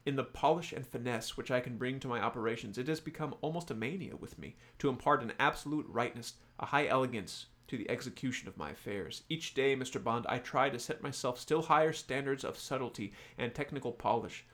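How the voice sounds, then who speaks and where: A man's voice: mid-range voice, brisk, few pauses, fairly bright tone, close to an everyday voice. A man doing a dramatic reading of a suave villainous male crime lord, in a mock Italian accent. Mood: languid, grandiose. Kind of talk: dramatic reading of a novel passage.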